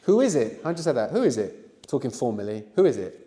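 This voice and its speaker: A man's voice: mid-range voice, very animated, fairly quick, warm tone, in a large hall. A man teaching a language lesson, asking the student questions and adding "no?" at the end of his points. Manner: prompting questions, frequent "no?" tags.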